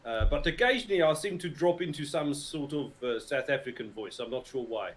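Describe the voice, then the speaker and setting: A man's voice: fairly high pitch, animated, fairly quick. A middle-aged English man with a Received Pronunciation accent, chatting as a voice actor guest in a casual livestream interview from his mother's house, joking and laughing easily. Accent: British Received Pronunciation. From England.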